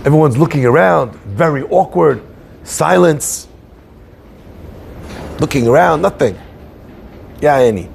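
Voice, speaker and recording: A man giving an animated storytelling sermon, acting out the people in his story. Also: a little high, unhurried, gravelly, long pauses, slight background noise. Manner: animated storyteller, acts out shouting voices. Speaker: rabbi giving a talk.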